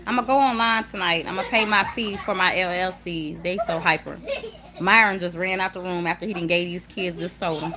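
This livestream host, a young woman, talks casually to viewers from a home room while her kids are around, pausing to shush them. Her delivery is emphatic, repetitive and warm. Her voice is low, steady and brisk, with background noise.

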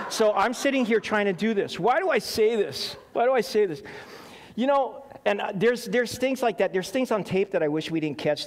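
Middle-aged preacher in a reverberant hall. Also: male voice, high voice. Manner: conversational, animated, many ums and restarts. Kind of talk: sermon with personal storytelling.

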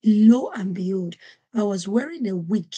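Husky-voiced woman telling a story. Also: mid-range voice, unhurried. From Nigeria. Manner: animated, acts out quoted voices. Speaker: podcast host. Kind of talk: storytelling monologue.

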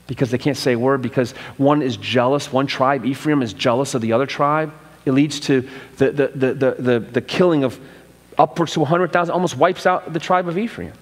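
A man's voice: mid-range voice, in a large hall. A male pastor giving a conversational sermon, often restarting phrases and acting out quotes. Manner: conversational preaching with repeated restarts and acted-out quotes. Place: church sanctuary.

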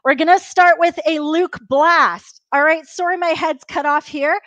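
A woman's voice: high-pitched, fairly even intonation, a little slow, a bit bright, no room sound, lo-fi sound. A woman leading a live workout class, upbeat and encouraging, counting down reps and a bit out of breath from exercising along. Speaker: fitness instructor.

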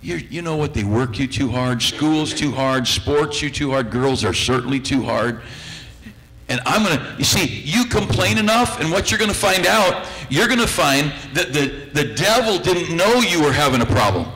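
A man's voice: a little high, expressive, normal speed, bright, forceful tone, rough recording. A male pastor preaching a sermon in a church, folksy and teasing, acting out the voices of the people he quotes. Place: church sanctuary.

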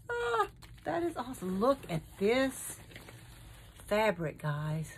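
Woman, high voice, slow speech, gushing, gift unboxing, faint background noise. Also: sing-song. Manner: gushing, exclaiming over each item. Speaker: craft channel host.

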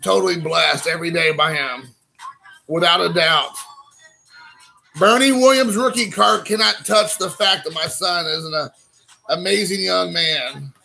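A man in his thirties hosting a casual stream while opening trading card packs, excitable and rambling, calling people dude. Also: on the high side, a little slow, creaky, faint music behind, poor audio. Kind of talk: casual live-stream chat.

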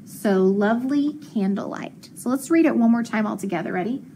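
A woman's voice: a little high, mellow, slight background noise. Woman teacher doing phonics for little kids, patient, stretches out sounds, lots of praise. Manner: patient, encouraging, sounds out letters slowly. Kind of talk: phonics lesson to young children.

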